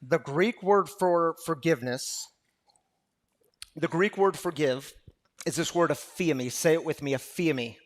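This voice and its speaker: A man preaching a sermon to a recovery gathering, impassioned and repetitive, swinging from loud to hushed. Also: on the high side, a little slow, pauses often. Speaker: pastor.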